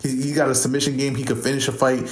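A man's voice: mid-range voice, flat delivery, quick pace. Man talking fight picks in a roomy space. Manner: offhand, thinking aloud, stumbles over fighter names. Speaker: podcast host. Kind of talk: casual fight predictions. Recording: roomy echo.

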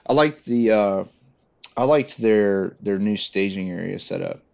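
A man chatting casually with friends, relaxed and laughing between points. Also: lowish voice, unhurried, vocal fry, lo-fi sound. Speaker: podcast co-host. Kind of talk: casual chat.

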